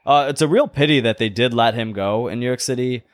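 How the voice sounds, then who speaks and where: A man's voice: mid-range voice, brisk, no echo. A man co-hosting a casual podcast, telling a news story and reviewing a cigar, laughing often. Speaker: podcast co-host. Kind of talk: casual chat.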